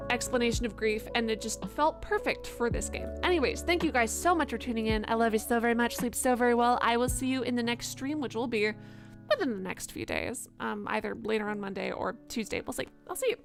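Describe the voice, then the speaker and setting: A young woman with a high voice signs off her live stream in loose, rambling chat, full of fillers and wry jokes about herself. Music plays clearly underneath her voice the whole time. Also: a little fast. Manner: chatty, rambling, fillers and self-mocking asides. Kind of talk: casual stream sign-off chat. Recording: music playing behind.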